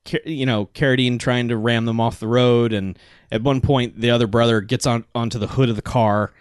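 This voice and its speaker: A man in casual chat who recaps a film's plot in an animated way and laughs often. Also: mid-range voice, fairly quick, smooth, no room sound, clean studio sound.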